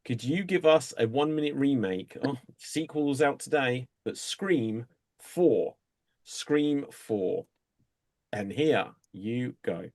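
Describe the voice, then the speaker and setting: A man hosting an improv comedy show, announcing games and calling time in a relaxed way. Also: medium pitch, takes it slowly.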